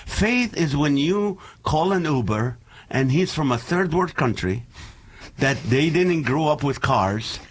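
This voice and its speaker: A middle-aged man whose first language is Arabic, a comedian guest telling animated stories and laughing often in casual interview chat. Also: a little high, slow, breathy edge. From Middle East.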